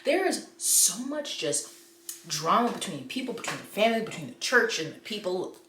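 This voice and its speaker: A woman's voice: on the low side, normal speed. Woman, book vlogger, casual and effusive; recorded in a reverberant room with light background noise. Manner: gushing, animated, quotes her own reactions. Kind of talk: casual book review chat. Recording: echoey room with faint noise.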